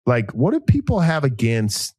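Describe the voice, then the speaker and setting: This podcast co-host is a man with a medium-pitched voice and a moderate pace, captured in studio quality with no echo. In a casual chat he tells rambling, jokey stories with animated energy.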